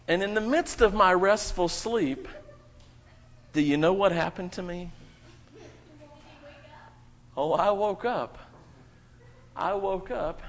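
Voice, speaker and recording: Male pastor, high voice, church prayer and kids' story, playful questions to children, muffled lo-fi sound. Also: slow pace, pauses often, a bit bright. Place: church sanctuary.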